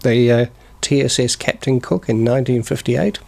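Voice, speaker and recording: A man's voice: medium pitch, normal speed, gravelly, darkish tone. A man in his sixties, born in the north of England and raised in New Zealand, chatting in a rambling, jokey way as a studio guest. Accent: New Zealand with northern English traces. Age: 60s. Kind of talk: casual chat. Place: community TV studio.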